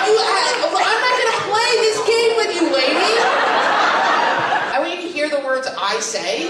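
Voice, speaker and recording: A woman on a comedy club stage with a high voice, working the crowd in a loud, incredulous, mock-outraged way. She is picked up from a distance in an echoey room, and loud laughter from the audience rolls in behind her. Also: expressive, a little slow, very noisy. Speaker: stand-up comedian. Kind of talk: stand-up with crowd work.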